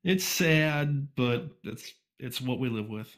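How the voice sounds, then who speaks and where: A man's voice: mid-range voice, animated, slow. A man guest on a casual podcast, a fan fiction reviewer who rambles and jokes at his own expense. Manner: rambling, self-deprecating, lots of fillers and restarts. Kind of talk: casual interview.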